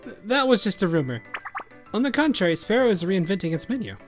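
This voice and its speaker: A man voicing an eager young girl restaurant vendor who pitches food in an upbeat, slightly flustered way. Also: big pitch swings, fast talker, soft background music. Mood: peppy.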